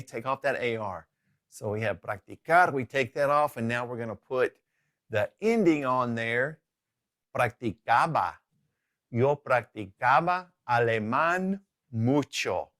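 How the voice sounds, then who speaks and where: A man's voice: mid-range voice, a bit bright, no room sound, clean studio sound. Upbeat man teaching Spanish grammar. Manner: upbeat, checks in with "okay?" often. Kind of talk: recorded lesson.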